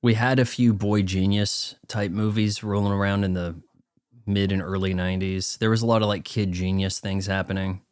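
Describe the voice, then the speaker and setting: A man's voice: on the low side, fairly even intonation, moderate pace, clean tone, no room sound, clean studio sound. A man giving casual movie watch-along commentary, riffing sarcastically in a rambling way. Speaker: film commentator.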